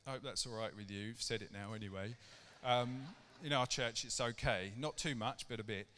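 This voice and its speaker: A man's voice: medium pitch, moderate pace, sharp tone, slight background noise. A middle-aged man preaching a casual sermon to his church, chatty and conversational, with rhetorical questions to the congregation. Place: church hall. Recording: long reverb of a church hall.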